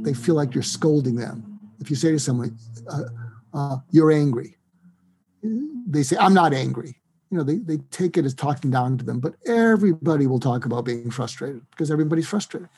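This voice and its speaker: A man, a psychiatrist, explaining a technique as an interview guest, animated and acting out bits of sample dialogue. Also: fairly high pitch, a little fast.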